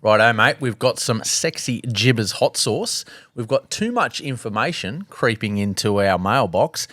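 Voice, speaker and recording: A man's voice: mid-range voice, big pitch swings, measured pace, a bit bright, dry recording. A man co-hosting a barbecue show, laid-back and calling everyone mate and bro. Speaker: podcast co-host. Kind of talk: casual banter.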